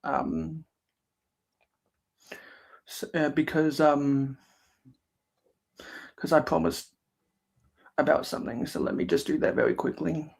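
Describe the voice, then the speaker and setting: A man's voice: a little high, steady tone, takes it slowly, vocal fry, pauses often. A man hosting a casual livestream while building LEGO. He talks hesitantly with many fillers and reads viewers' chat aloud. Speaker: livestream host.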